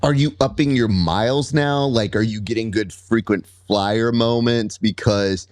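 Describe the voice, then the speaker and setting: A man's voice: fairly low pitch, measured pace, few pauses, darkish tone, dry recording, clean studio sound. A man hosting a casual interview, joking and telling stories as he asks questions. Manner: playful, joking storyteller. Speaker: podcast host.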